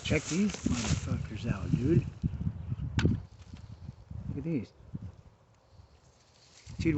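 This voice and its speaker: Laid-back stoner dude outdoors. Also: male voice, mid-range voice. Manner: laid-back stoner slang, swearing, says dude a lot. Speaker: vlogger. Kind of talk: casual outdoor vlog. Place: outdoors on a hillside. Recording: dull lo-fi sound with background noise.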